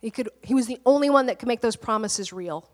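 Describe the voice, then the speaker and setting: A woman's voice: on the high side, fast talker, darkish tone, long reverb tail. A woman pastor preaching in a conversational, storytelling way, often laughing as she talks. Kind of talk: conversational sermon.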